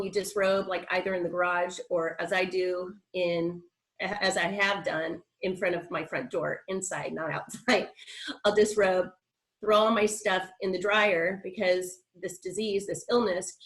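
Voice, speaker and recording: A woman's voice: lowish voice, steady tone, moderate pace, fairly bright tone, rough recording. A middle-aged woman on a video call, telling a personal story in a chatty, rambling way with frequent restarts and laughs. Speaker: guest speaker.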